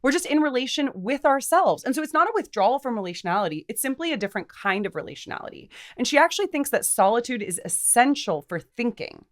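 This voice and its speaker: A young adult woman co-hosting a podcast, talking through philosophy in a lively, thoughtful way with casual fillers. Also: fairly high pitch, fast, few pauses. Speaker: podcast co-host.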